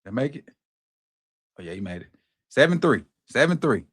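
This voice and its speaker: A middle-aged man hosting a watch party, calling plays live with excited, slangy reactions. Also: medium pitch, moderate pace, husky. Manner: excited, animated play-by-play reactions with Southern slang. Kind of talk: live football watch-along commentary.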